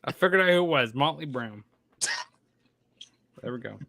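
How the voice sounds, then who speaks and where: A man's voice: a little high, animated, very fast, vocal fry, bright, forceful tone, no room sound. A man co-hosting a casual wrestling podcast, laughing often and correcting his own slips. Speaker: podcast co-host.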